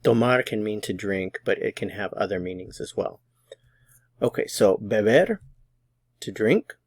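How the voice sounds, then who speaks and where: Male language teacher, low-pitched, unhurried, methodical delivery, dry close recording. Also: no room sound. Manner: patient, methodical, slows down on example phrases. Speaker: Spanish teacher. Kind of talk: explaining grammar lesson.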